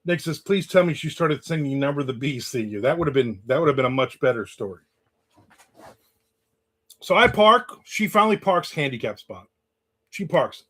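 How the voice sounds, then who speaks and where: Streaming live from the American South, a male host tells a story and reads viewer comments aloud in casual chat. His voice is a little high and fairly bright, with lively intonation, normal speed and long pauses.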